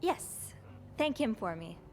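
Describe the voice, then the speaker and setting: A woman voicing a maid heroine in a mystery video game, speaking calmly and thoughtfully. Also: fairly high pitch, slow, a little hiss or hum, full character voice. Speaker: game protagonist, maid detective.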